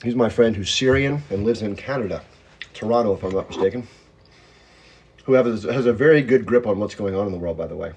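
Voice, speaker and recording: Low-voiced man chatting on a phone livestream. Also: brisk, a little mellow, slightly rough. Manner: chatty, rambling, reads and greets viewer comments; self-described hyped-up talker. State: chewing while talking. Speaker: livestream host. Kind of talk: casual livestream chat.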